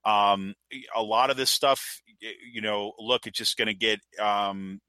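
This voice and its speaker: A man's voice: lowish voice, fairly even intonation, unhurried, bright, forceful tone, smooth, no room sound. A man hosting a casual political chat, rambling and laughing as he talks. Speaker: podcast host.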